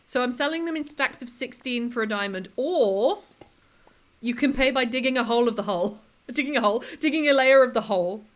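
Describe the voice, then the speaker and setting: A woman with a slightly high voice talks casually to her stream chat while she plays a block-building game. She giggles often and drifts from topic to topic, reacting to viewers as she goes. She speaks into a desk microphone. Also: lively intonation, fairly quick. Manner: chatty and giggly, answering chat between tasks.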